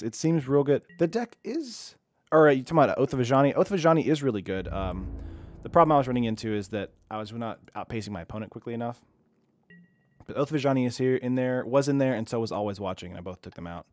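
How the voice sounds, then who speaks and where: Lively, chatty young man streaming a card game. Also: mid-range voice. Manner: chatty, self-deprecating, reads viewer chat aloud. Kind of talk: casual live-stream commentary.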